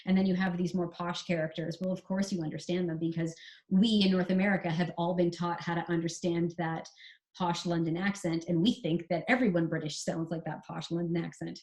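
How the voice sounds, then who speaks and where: A Canadian woman who writes screenplays, chatting through writing advice in a relaxed interview and spelling out examples. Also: fairly low pitch, fairly quick. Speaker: screenwriter guest. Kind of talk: casual explanatory interview talk.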